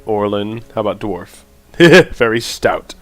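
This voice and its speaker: Lively, dry-voiced let's play man. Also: fairly low pitch, takes it slowly, no room sound, faint music behind. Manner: thinks aloud, stumbles over odd words while reading. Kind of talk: casual gameplay commentary and reading game text aloud.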